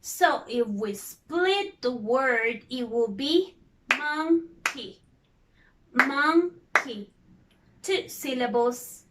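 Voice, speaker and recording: Teacher: woman, high voice, very slow and patient, repeats each word for young learners. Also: expressive, a little hiss or hum. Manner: slow, patient, repeats words and spells out vowels. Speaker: English teacher. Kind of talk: recorded lesson for young learners.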